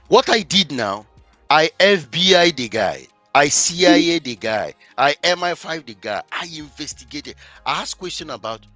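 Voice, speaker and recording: A man speaking as a marriage coach in a podcast interview, with a bright, forceful voice that hammers home his points by repeating phrases. He tells his client stories in an emphatic, instructive way. Faint music plays behind him. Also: mid-range voice, no room sound.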